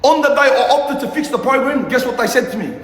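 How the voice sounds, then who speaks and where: A man's voice: very high-pitched, lively intonation, fast, fairly bright tone. A young man, a youth mentor, ranting on a casual livestream in a passionate, profane and repetitive way. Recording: echoey room with long reverb, faint noise.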